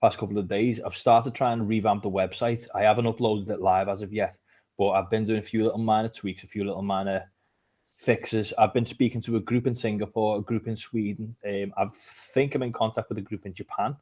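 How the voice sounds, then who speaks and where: A British-accented man co-hosts a podcast, chatting at length with plenty of filler. His voice sits a little low. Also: fairly even intonation, fairly quick, a little mellow. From Britain. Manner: rambling, chatty, frequent "um". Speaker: podcast co-host. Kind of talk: casual chat.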